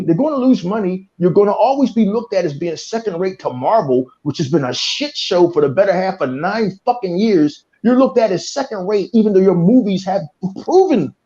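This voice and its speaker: Picture a male podcast host on a furious, cursing tirade, hammering the same points again and again. His voice is high-pitched with a dark, mellow timbre. The audio is muffled and lo-fi. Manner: fiery, cursing, repeats himself. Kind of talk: heated profane rant.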